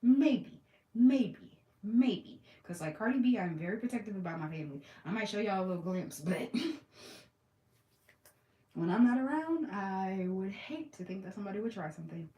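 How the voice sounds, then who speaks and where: A woman vlogging casually from her bed, chatty and expressive, moving between loud projected talk and a soft, calm low voice. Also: normal speed, echoey room, far from the mic, rough recording. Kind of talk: casual chat to followers.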